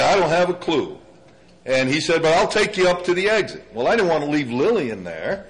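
Older male preacher, high voice, animated storyteller, sermon delivery. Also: low-quality recording. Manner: animated storytelling, pitch drops low for emphasis.

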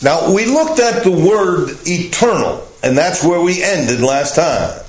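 A man teaching a Bible lesson as pastor, speaking slowly and deliberately with frequent "uh" fillers. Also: fairly high pitch, sing-song, reverberant, poor audio.

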